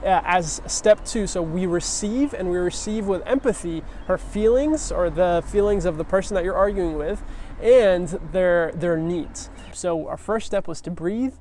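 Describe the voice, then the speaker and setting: A man's voice: high voice, unhurried, darkish tone, slight background noise. A man giving a casual, earnest sermon, talking conversationally with frequent restarts.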